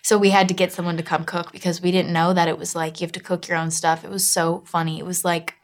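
A woman's voice: on the low side, flat delivery, quick pace. A young woman with an American accent, from Miami, chatting as a guest in an interview with a giggly, rambling manner. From Miami, Florida. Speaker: actress guest. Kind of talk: casual interview chat.

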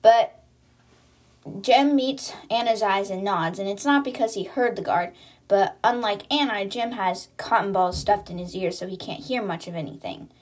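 Woman, podcast host, casual book recap, chatty retelling, mid-pitched voice. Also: moderate pace. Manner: retells scenes chattily with "she's like" quotes.

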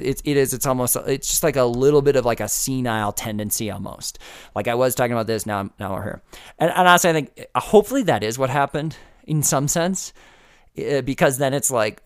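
A man's voice: mid-range voice, no echo, studio quality. A man hosting a podcast, talking through his opinions in a rambling, casual way with restarts and wry laughing asides. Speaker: podcast host. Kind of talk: casual solo commentary.

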